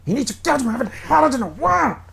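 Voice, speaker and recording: A man's voice: extremely high pitch, very animated, very fast, gravelly, fairly bright tone, husky, pitched above the performer's own voice, heavily acted. A man voicing a jittery, desperate male addict in a gang, pleading and frantic. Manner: frantic, pleading, foot-stamping.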